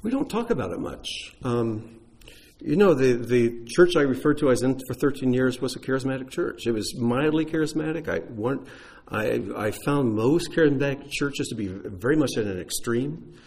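This pastor has an expressive, slightly mellow mid-range voice and talks at normal speed. Answering his congregation's questions, he explains things conversationally, often using fillers and starting over.

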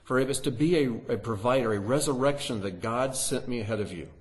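A man's voice: mid-range voice, brisk. A man teaching through a Bible passage, reading scripture aloud with rising emphasis and asking his listeners rhetorical questions.

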